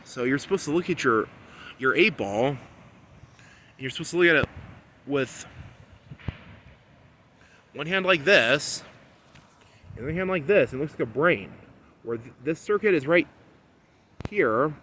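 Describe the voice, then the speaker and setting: A man in a rambling solo monologue, repeating himself and swinging between low muttering and loud, insistent scolding. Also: lively intonation, moderate pace, long pauses, a little hiss or hum. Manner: repetitive, talks about himself in the third person. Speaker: vlogger.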